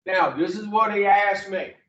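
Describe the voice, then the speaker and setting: A man's voice: high-pitched, normal speed, a bit bright. A man teaching a recovery class, telling a story in a blunt, profane, plainspoken way. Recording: roomy, distant, dull classroom audio.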